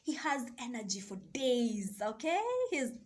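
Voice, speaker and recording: A woman coach sharing a slow, soft and deliberate reflective monologue. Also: on the high side, animated. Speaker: self-love and mindset coach.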